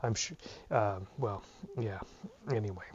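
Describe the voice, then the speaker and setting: A man's voice: lowish voice, a little slow, darkish tone, slight background noise. A tired man teaching a casual Greek grammar lesson, thinking aloud with plenty of ums and uhs. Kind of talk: unscripted lesson. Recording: dull lo-fi recording.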